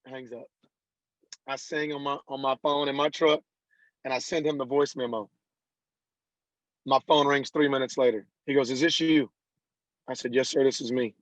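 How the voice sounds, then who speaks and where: A man, a country singer guest on an interview podcast, telling stories lively and acting out the people he quotes. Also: medium pitch, moderate pace, long pauses, no room sound. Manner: animated storyteller who acts out quoted dialogue. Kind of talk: casual interview storytelling. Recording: dull lo-fi dry sound.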